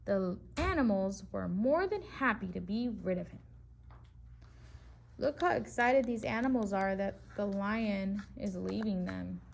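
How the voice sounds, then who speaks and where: A woman's voice: medium pitch, lively intonation, measured pace, creaky, slight background noise. A woman reading a picture book aloud to preschool children as their teacher, stopping to ask them questions about the story.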